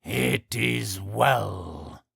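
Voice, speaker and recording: A man's voice: on the low side, drawn-out words, vocal fry, fairly bright tone, breathy edge, no room sound, clean studio sound, heavily acted. A man voicing an ancient male harpygriff guardian who speaks in a formal, archaic way. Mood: solemn. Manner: formal, archaic, stately speech.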